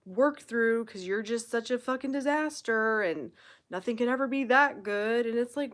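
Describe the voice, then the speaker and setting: A woman's voice: a little high, moderate pace, a bit bright. Blunt, swearing woman coach. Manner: blunt, swears freely, emphatic and encouraging. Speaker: manifestation coach hosting a live Q&A. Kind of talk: casual live-stream advice, reading viewer comments.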